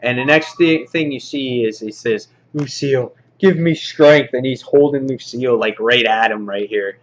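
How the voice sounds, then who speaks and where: A man casually reviewing a comic book, rambling excitedly and acting out the characters' lines. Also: mid-range voice, moderate pace, highs cut off.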